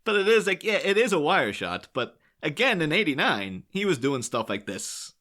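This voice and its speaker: A man's voice: on the high side, sing-song, moderate pace, bright, forceful tone. A man co-hosting a podcast in casual film-discussion chat, rambling and laughing often. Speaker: podcast co-host.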